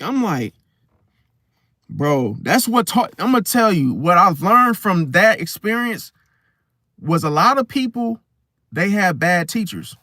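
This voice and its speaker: A young man talking casually to camera, telling a personal story in an animated, slangy way. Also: high voice, a little slow, long pauses, no echo, clean studio sound. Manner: animated storytelling, slangy, swings loud and soft. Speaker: host.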